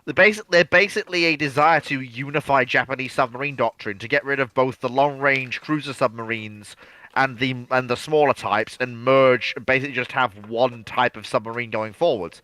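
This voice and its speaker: A man's voice: mid-range voice, normal speed, pushed and bright, no echo, low-quality recording. A man co-hosting a live history Q&A, explaining earnestly and repeating words as he gets going. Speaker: co-host. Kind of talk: casual live Q&A chat.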